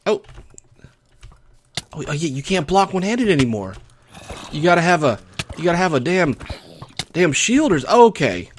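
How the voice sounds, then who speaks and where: A man's voice: a little high, big pitch swings, normal speed, long pauses, a little hiss or hum. Chatty young Texan man gaming. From Texas. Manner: rambling, wry and chatty. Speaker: let's play gamer. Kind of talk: casual gameplay commentary.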